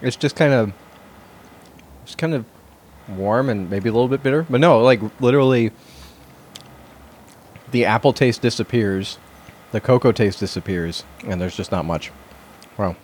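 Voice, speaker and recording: A man's voice: mid-range voice, moderate pace, pauses often, a little mellow, a little hiss or hum. A man hosting a podcast, talking in an easygoing, rambling way with many fillers at a studio microphone. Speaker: podcast host. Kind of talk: casual chat.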